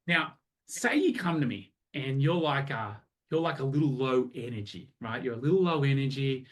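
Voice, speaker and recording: A man coaching a group over a video call, energetic and acting out both sides of conversations. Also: medium pitch, a little fast. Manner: energetic, animated, acts out both sides of chats. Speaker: sales coach.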